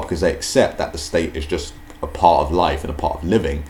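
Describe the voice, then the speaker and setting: A man's voice: very deep voice, brisk, few pauses, a little mellow. A man explaining ideas in casual spoken commentary, thinking aloud with frequent fillers and restarts. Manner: hesitant, many fillers and restarts. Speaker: video host.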